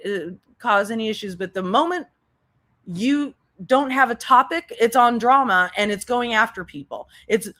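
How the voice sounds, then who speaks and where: A woman delivering blunt commentary with a sarcastic edge. She speaks slowly from a fairly high voice and talks straight to her target. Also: fairly bright tone. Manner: blunt, sarcastic, addresses the subject directly. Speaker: commentary youtuber. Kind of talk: commentary over clips.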